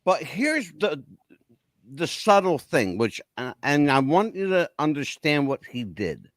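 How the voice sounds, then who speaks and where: Animated, profane male podcast host. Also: fairly high pitch, a little slow, no echo. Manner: blunt, profane, animated storytelling. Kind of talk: casual chat.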